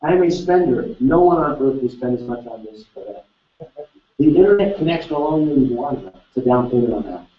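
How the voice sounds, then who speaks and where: A man leading a live seminar, energetically quizzing the audience with quick questions. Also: mid-range voice, expressive. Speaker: seminar speaker. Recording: echoey hall, distant mic, dull sound.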